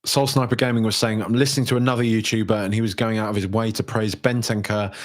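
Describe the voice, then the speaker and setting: Young male podcast host, casual and rambling, slightly low voice, reads viewer comments aloud. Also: level tone, fast. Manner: chatty, rambling, frequent fillers and restarts. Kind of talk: casual solo podcast, reading viewer messages.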